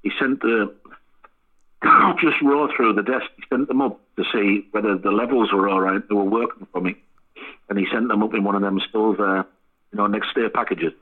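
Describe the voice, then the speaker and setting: A man with a husky voice, telling sweary, laughing anecdotes as a band frontman guest in a casual interview. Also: fairly low pitch, normal speed. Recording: tinny phone line.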